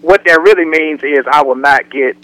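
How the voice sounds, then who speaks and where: A man's voice: fairly high pitch, moderate pace, dry recording, low-quality recording. A man co-hosting a casual radio talk show, telling jokes and acting out the way people talk. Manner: joking storyteller, animated impressions.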